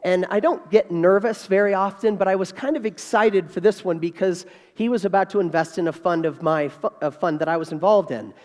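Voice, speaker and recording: A man of about fifty giving a keynote speech as an animated storyteller who repeats key phrases for emphasis. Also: sits high, fairly quick, few pauses. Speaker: keynote speaker. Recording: reverberant hall.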